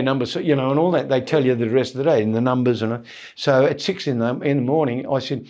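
A man, a comedian guest telling self-deprecating anecdotes in a relaxed, rambling interview. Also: medium pitch, fast. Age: 70s. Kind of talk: casual interview storytelling.

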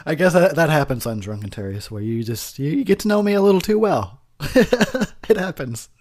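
A man's voice: on the high side, animated, fairly quick, a little mellow. A tipsy man hosting a drunken movie commentary, rambling and crude. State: tipsy, buzzed. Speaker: host.

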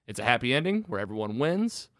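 A man's voice: mid-range voice, very animated, fast, a bit bright, dry recording, studio quality. A man hosting a podcast, casually recapping a movie plot with enthusiasm and lots of fillers. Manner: enthusiastic, rambling with fillers and restarts. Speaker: podcast host reviewing a film.

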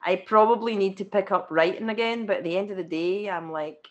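A Scottish woman chats as an interview guest, rambling loosely with dry humour and frequent laughter. Her voice sits at an ordinary middle pitch for a woman. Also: fairly even intonation, fairly quick, muffled recording. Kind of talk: casual interview chat.

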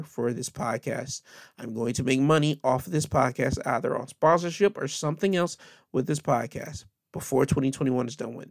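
A man's voice: mid-range voice, creaky, dry recording, studio quality. A man hosting his own podcast, closing the episode in a rambling, upbeat way with many fillers. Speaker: podcast host. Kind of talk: solo podcast sign-off.

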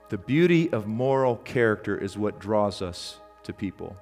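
A man's voice: on the low side, normal speed, hardly any pauses, a little mellow. A male pastor delivers a sermon in a casual, conversational tone, stopping for ums and restarting his sentences as he tells a story. His voice carries a long reverb through the church, and faint music plays underneath.

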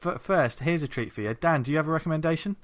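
A man's voice: fairly high pitch, fast. A man hosting a podcast, jokey and teasing in casual chat. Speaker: podcast host.

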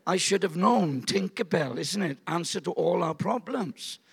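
A man in his seventies preaching at a church service, telling a family story in an animated, joking way. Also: high voice, moderate pace, vocal fry, husky. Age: 70s. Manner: animated, jokey, acts out voices. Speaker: guest pastor. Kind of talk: storytelling sermon.

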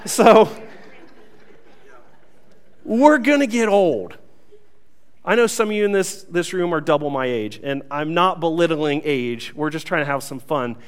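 A young male pastor with a somewhat high voice tells a self-mocking story to his congregation. His delivery is lively and playful. The sound carries a long reverb from a large hall. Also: measured pace, pauses often. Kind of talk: sermon with humorous story.

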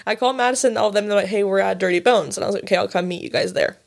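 A twentysomething woman co-hosting a podcast rambles quickly through a casual story, laughing, cursing and filling her speech with "like." Her voice sits at a typical middle pitch with noticeable vocal fry.

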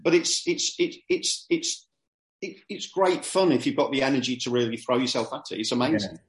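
A man's voice: medium pitch, expressive, brisk, reverberant. A middle-aged man, a comedian being interviewed, talking casually and animatedly, often repeating words as he starts his sentences. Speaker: comedian guest.

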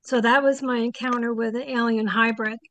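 A woman's voice: fairly high pitch, fairly even intonation, fairly quick, a bit bright. An older woman, a psychic guest, telling stories in a casual interview and animatedly acting out the people she quotes.

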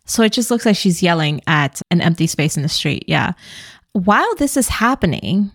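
Young woman podcast cohost, chatty and sarcastic, kinda low voice, dry mic. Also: sing-song, dry recording. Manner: chatty, sarcastic, quick asides. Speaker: podcast co-host. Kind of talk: casual movie recap chat.

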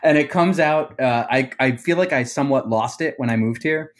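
A man's voice: mid-range voice, moderate pace. A man with a South Jersey Philadelphia accent, chatting as a podcast guest in a rambling way full of fillers. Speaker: guest musician. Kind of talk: casual podcast chat.

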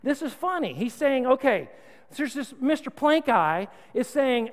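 Male pastor, sermon delivery: high, very animated, playful and exhorting; church hall reverb. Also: a little slow. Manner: animated, conversational, humorous, exhorting.

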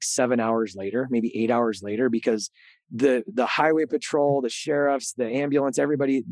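A middle-aged man recounting his own story on a podcast, earnest and animated, doubling back on words as he talks. His voice sits at an ordinary pitch for a man. He is recorded on a close, dry mic with no room sound. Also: no echo. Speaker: podcast host being interviewed. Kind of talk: candid storytelling interview.

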